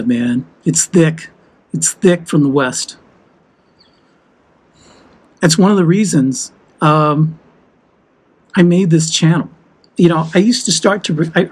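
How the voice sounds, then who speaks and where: Man from the US, husky voice, slightly high pitch, heated vlog rant. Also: a little mellow, poor audio. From United States. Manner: heated and emphatic. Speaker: vlogger. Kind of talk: walk-and-talk vlog.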